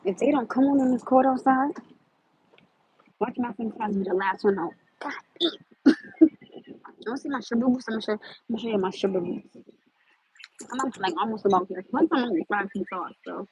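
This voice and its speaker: Chatty high-voiced woman livestreaming outdoors. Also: fairly quick, pauses often, slightly rough, no room sound, lo-fi sound. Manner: loud, chatty and exasperated, laughing often. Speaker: livestream host. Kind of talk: casual livestream chat. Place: outdoors in the cold.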